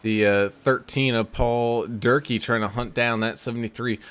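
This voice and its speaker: A man from New England calling play-by-play on a sim race, chatty and quick. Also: medium pitch, steady tone, a bit bright. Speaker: sim racing play-by-play commentator.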